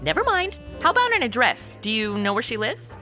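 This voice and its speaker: A woman's voice: fairly high pitch, sing-song, a little fast, bright, forceful tone, soft background music. A young woman with a sarcastic, wisecracking modern manner, narrating and playing the lead in a comedy audio drama.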